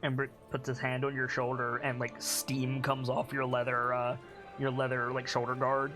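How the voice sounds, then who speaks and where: A man's voice: mid-range voice, completely flat delivery, normal speed, over music. A man narrating as game master for a tabletop game, in a loose, rambling way. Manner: rambling, loose, filler-laden.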